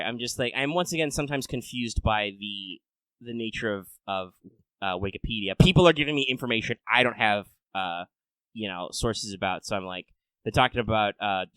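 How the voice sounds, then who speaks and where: Guy hosting a podcast, bright tense voice, dry close sound, rants then mumbles. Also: mid-range voice, clear, resonant tone, no room sound, poor audio. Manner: rambling, profane, swings between loud rants and mutters. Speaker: podcast host. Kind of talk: casual podcast chat.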